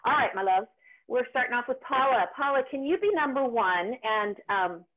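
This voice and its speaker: A woman vocal coach with a slightly high, animated voice speaks at normal speed while running an online singing workshop. Encouraging and chatty, she often says um and restarts, and the video call audio sounds tinny and phone-like.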